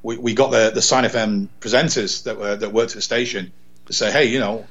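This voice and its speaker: A man's voice: fairly low pitch, fairly even intonation, brisk, a bit bright, slightly rough, muffled recording. Rambling English man telling a story. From England. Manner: rambling, repeats words, acts out quoted dialogue. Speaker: radio presenter, podcast guest. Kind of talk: animated storytelling in casual chat.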